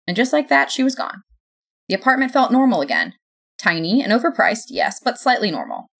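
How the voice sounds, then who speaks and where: A young adult woman reading a first-person story aloud in a sardonic, lively way. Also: fairly high pitch, brisk. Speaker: narrator.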